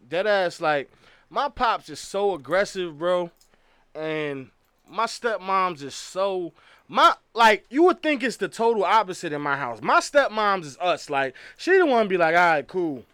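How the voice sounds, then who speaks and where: A man in a casual group chat, an animated storyteller who acts out quotes. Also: high voice, unhurried, clean tone, no room sound.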